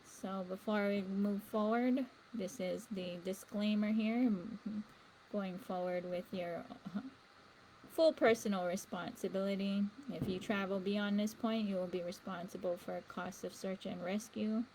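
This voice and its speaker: A woman's voice: mid-range voice, steady tone, measured pace, darkish tone, a little hiss or hum, rough recording. A woman hosting a spiritual livestream, talking earnestly and rambling with fillers. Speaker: livestream host. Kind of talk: casual spiritual talk.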